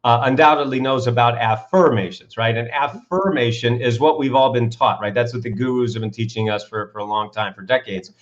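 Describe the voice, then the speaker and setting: A man's voice: medium pitch, a little fast, hardly any pauses, lo-fi sound. A man, an author and coach, telling stories with enthusiasm in an interview, leaning on rhetorical questions. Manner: enthusiastic, builds to excited peaks, asks rhetorical questions. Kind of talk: animated interview storytelling.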